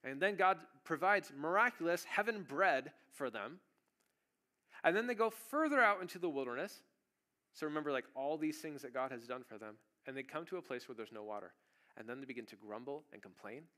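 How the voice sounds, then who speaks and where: A male pastor preaching a sermon in a church, telling the story casually and then breaking into sudden loud bursts. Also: fairly high pitch, lively intonation, brisk. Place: church sanctuary.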